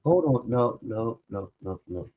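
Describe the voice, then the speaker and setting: A husky-voiced man co-hosting a casual sports podcast, teasing with playful interjections. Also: lowish voice, expressive, measured pace, narrow, tinny audio. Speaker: podcast co-host.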